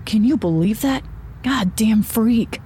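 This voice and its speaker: A woman's voice: a little high, slow, warm tone, a little hiss or hum. A woman voicing a rude, foul-mouthed young man behind the wheel who talks in a crude, dismissive way. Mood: scornful.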